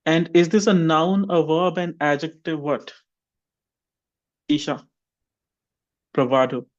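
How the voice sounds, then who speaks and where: Brief: male English teacher on a video call, higher voice, quizzes students one by one, dull audio. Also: slow. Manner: questions students by name, drills repetition. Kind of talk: online class teaching.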